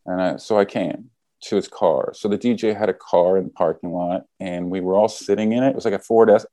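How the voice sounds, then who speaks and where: A man's voice: deep voice, fairly even intonation, a little fast, dark tone, dry recording. A man casually telling a story, acting out the quoted lines as he goes.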